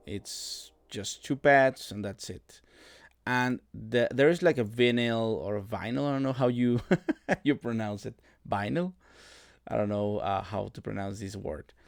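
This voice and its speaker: Relaxed low-voiced man explaining music production. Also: clean tone, no echo, studio quality. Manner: relaxed, halting, many fillers and restarts. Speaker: music producer tutorial host. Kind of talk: casual screen-recorded production walkthrough.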